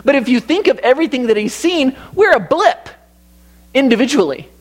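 A man's voice: very high voice, sing-song, moderate pace. A man in his thirties preaching a conversational sermon with personal stories and frequent restarts.

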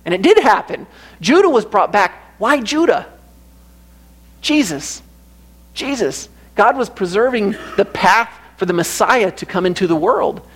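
High-voiced earnest male preacher. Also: animated, moderate pace, a bit bright. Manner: earnest, repeats phrases for emphasis. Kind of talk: sermon.

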